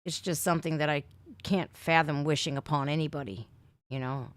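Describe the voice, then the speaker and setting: A middle-aged Northeast Ohio woman hosts a relaxed livestream, reading comments aloud in a low-pitched, brisk voice over a dry recording. She chats easily with her viewers, swears without holding back, and leans on "man" and "dude."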